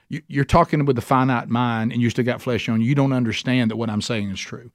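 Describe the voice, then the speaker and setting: A man's voice: medium pitch, brisk, few pauses, dry recording. A man teaching a men's Bible study in an earnest, emphatic, folksy conversational sermon style.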